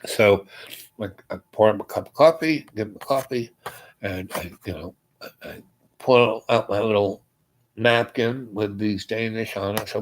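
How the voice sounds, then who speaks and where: A man hosting a show, telling a long personal story in a meandering, halting way and acting out the dialogue. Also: lowish voice, a little hiss or hum, poor audio. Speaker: host.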